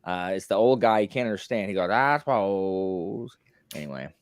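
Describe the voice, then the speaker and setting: A man's voice: deep voice, animated, quick pace, darkish tone, no echo, studio quality. A man hosting a casual podcast, chatty and teasing, talking over a computer mic on a call. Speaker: podcast host. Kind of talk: casual chat.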